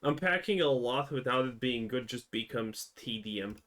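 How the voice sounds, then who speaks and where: A man's voice: mid-range voice, lively intonation, normal speed, a bit bright. A man adding sarcastic, mocking reaction commentary with a dismissive tone.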